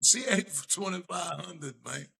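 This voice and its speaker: A man's voice: high-pitched, animated, unhurried, vocal fry, sharp tone, slightly rough. A man co-hosting a talk show in a laid-back, slangy, opinionated chat. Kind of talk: casual podcast chat.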